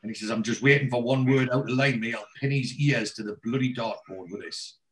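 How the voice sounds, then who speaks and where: Male host, mid-pitched voice, casual recap, quotes characters' lines, lots of ums and restarts. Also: brisk, fairly bright tone. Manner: retells scenes by quoting characters' lines, with frequent ums and restarts.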